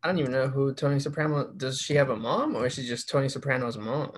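A man's voice: mid-range voice, fast. A man co-hosting a casual podcast, rambling in a laid-back, slangy way. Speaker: podcast co-host. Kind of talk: casual chat.

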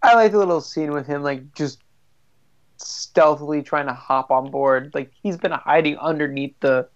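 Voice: mid-range voice, normal speed. A co-host on a casual podcast, making dry, teasing comments about a movie. The sound is dull and muffled, as if the upper frequencies were cut off. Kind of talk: casual chat.

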